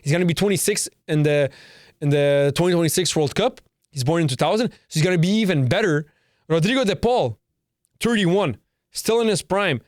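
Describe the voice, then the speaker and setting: A man's voice: fairly high pitch, lively intonation, fairly quick, no echo, studio quality. A young man hosting his own podcast, ranting in an emphatic, brash way, repeating himself and swearing. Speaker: podcast host. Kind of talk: casual solo podcast rant.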